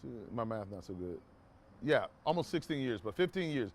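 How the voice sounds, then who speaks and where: A man's voice: mid-range voice, big pitch swings, moderate pace, a little mellow. A man casually telling a personal story to his viewers, rambling with restarts and asides, and acting out quoted talk in a raised voice. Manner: acts out quoted dialogue in a raised voice.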